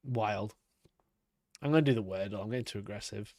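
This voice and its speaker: A man's voice: fairly low pitch, moderate pace, darkish tone, dry recording, studio quality. A young man chatting casually on a live stream, swearing freely, laughing often and talking to his cat between comments.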